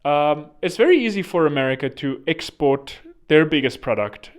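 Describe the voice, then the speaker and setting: Speaking at a moderate pace with a fairly high, expressive voice, this man from South Africa wanders through a monologue as an online commentator. He veers off on tangents, corrects himself, and mocks things sarcastically, all in a South African accent.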